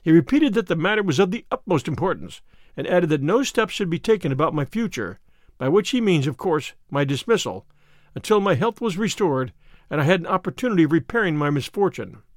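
A man's voice: a little high, big pitch swings, fairly quick, no room sound, clean studio sound. A man reading as a fretful young diplomat. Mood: earnest. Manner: earnest and fretful. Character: anxious, grateful young male diplomat, recovering invalid.

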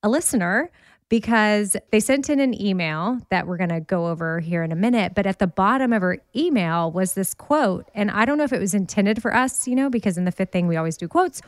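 A woman's voice: medium pitch, animated, a little fast, no echo. A woman with a Southern US accent, co-hosting a casual podcast chat over a video call and laughing often. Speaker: podcast co-host. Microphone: remote video call.

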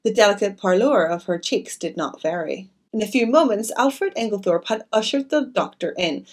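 A woman's voice: mid-range voice, normal speed. A woman reading a classic novel aloud and adding chatty asides. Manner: expressive, chatty. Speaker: audiobook narrator.

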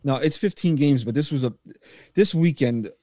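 A man's voice: mid-range voice, moderate pace, warm tone, no echo, clean studio sound. A man in his forties co-hosting a sports podcast, talking in a blunt, exasperated and profane way. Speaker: podcast co-host. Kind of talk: casual sports chat.

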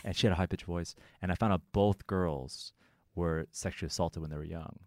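A man's voice: low-pitched, steady tone, brisk, dry recording, clean studio sound. A man guesting on a podcast, a loose, joking storyteller who swears freely in casual chat.

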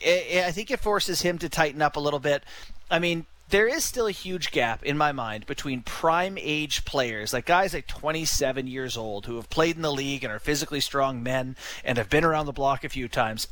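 A Canadian man with a slightly higher voice co-hosts casual sports radio. He muses aloud with restarts and poses rhetorical questions to his partner. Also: moderate pace, a bit bright.

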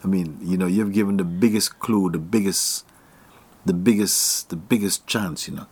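A Jamaican man with a low, slightly rough voice gives a casual spiritual talk at normal speed. He's animated and laughs often, sometimes sinking almost to a whisper.

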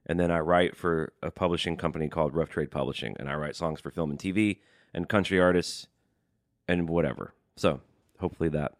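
A man co-hosting a podcast, chatting casually and telling stories with animated delivery and frequent laughs. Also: a bass voice, brisk, dry recording, clean studio sound. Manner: animated storytelling, laughs often. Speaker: podcast co-host and touring musician. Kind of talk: casual conversational podcast chat.

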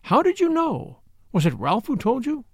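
Brief: man reading guarded young wife in trouble, lively pitch, dry close sound. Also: normal speed, gravelly, husky, dry recording, exaggerated voice. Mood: distressed. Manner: low, strained, earnest. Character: distressed young woman secretly married, guarded. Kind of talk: audiobook character reading.

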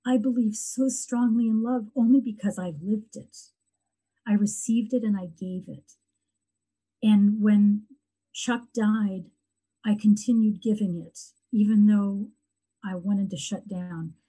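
A middle-aged woman talking earnestly and reflectively in a heartfelt conversation, often pausing and restarting. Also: mid-range voice, warm tone, breathy edge, poor audio. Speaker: guest sharing her grief story.

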